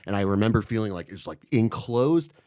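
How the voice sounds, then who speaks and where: Low-voiced man telling a story. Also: brisk, no echo, studio quality. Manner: animated storyteller, swears freely. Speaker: podcast co-host. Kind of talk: casual storytelling chat.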